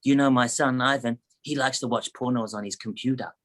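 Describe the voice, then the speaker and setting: A woman's voice: very deep voice, steady tone, fairly quick. A man doing a bossy, blunt mother. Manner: blunt, clipped commands. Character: bossy middle-aged mother, blunt and pushy.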